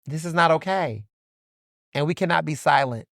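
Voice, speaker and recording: Man, podcast host, impassioned commentary, higher-pitched voice, emphatic, lots of "like", swears, dry close mic. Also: moderate pace, vocal fry, a bit bright, no room sound. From Philadelphia. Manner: fired-up, emphatic, repeats phrases, swears, many "like" fillers.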